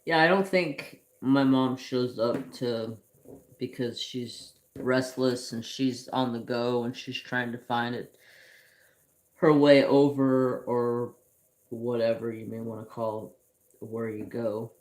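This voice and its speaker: A man's voice: medium pitch, steady tone. A man hosting a craft channel, telling rambling personal stories in casual chat while he paints at home. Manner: slow, rambling storytelling with restarts.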